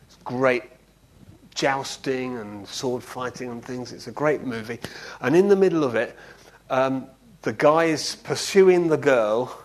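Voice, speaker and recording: A man's voice: medium pitch, measured pace. A man preaching a conversational sermon. He tells anecdotes and often checks in with his listeners. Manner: animated storyteller, often checking in with "yeah?".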